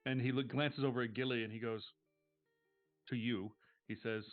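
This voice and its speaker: A man runs a tabletop game as game master, his narration casual and loose with lots of "uh" and "like". His voice comes through thin and phone-like, with quiet music in the background. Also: lowish voice, steady tone, brisk, long pauses. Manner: casual, filler-heavy narration. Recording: tinny phone-like stream audio.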